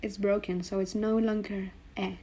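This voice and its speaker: Speaking in a warm, level, mid-range voice, a woman teaches Greek letter combinations on a board. She spells the sounds out slowly and patiently, going over each one again for the learner.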